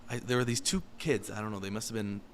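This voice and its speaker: A man, a street photographer guest on a podcast, talking quickly and excitedly with many restarts. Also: on the low side, crowd noise. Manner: fast, excitable, restarts often. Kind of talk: casual podcast chat.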